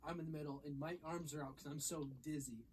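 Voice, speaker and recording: A man's voice: on the high side, fairly even intonation, quick pace, background noise. A young man chatting casually, laughing easily as he recalls old trips. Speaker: podcast co-host. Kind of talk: casual chat.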